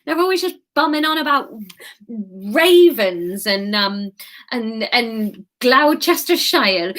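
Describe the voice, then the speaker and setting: A woman's voice: a little high, big pitch swings, measured pace, a bit bright. A woman reading her own book aloud, breaking off into giggly, self-mocking asides. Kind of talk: casual read-aloud livestream.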